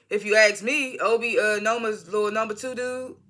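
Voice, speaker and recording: A bright, forceful voice from an American vlogger, talking straight into a phone mic indoors. The delivery is loose and rambling, heavy on slang, asides and quick self-corrections, like an off-the-cuff episode review. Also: mid-range voice, steady tone. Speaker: TV show reviewer. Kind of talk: casual rambling video review.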